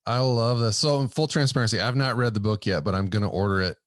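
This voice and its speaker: A man's voice: fairly low pitch, no room sound. A man hosting a podcast, enthusiastic and affirming as he responds to his guest. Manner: enthusiastic, affirming, talks in quick bursts. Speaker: podcast host. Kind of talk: conversational interview.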